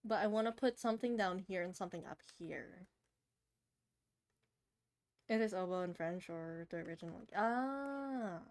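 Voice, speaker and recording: A woman's voice: medium pitch, moderate pace, pauses often, darkish tone. A young woman with a slightly nasal voice, chatting casually with her live-stream chat while drawing a commission and laughing often.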